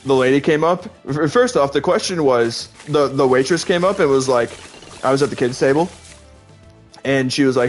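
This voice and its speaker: Male streamer, casual gaming chat, rambling and laugh-prone, mid-pitched voice, faint music underneath. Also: normal speed. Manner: rambling and chatty, full of "like", often laughing. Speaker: Twitch streamer.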